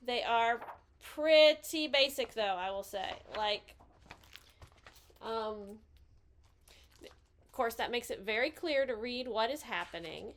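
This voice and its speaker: A woman hosting a casual picture book review, cheerful and gently enthusiastic as she hands out scores. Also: on the high side, animated, slow pace, pauses often, slight background noise.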